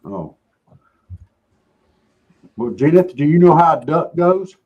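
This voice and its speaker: A man's voice: on the high side, very animated, slow, breathy edge, lo-fi sound. A man hosting a casual chat show, joking in a folksy, drawling way. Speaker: show host.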